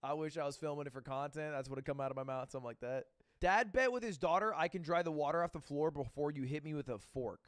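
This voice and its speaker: A man giving casual, joking commentary on videos, expressive and swearing freely. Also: a little high, quick pace, clear, resonant tone, dry recording, studio quality. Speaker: reaction video creator.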